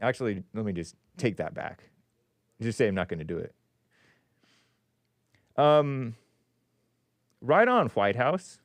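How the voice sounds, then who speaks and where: A man's voice: mid-range voice, big pitch swings, slow, long pauses, no room sound. A man hosting a call-in show, reading news aloud with sarcastic, rambling asides and chuckles. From California. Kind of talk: casual live-stream commentary.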